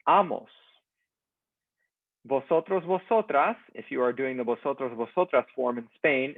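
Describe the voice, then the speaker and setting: A man teaching a Spanish class, explaining verb endings in a slow, deliberate way and leading repeat-after-me drills. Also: medium pitch, dry recording. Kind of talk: recorded class lecture. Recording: dry, phone-like narrow sound.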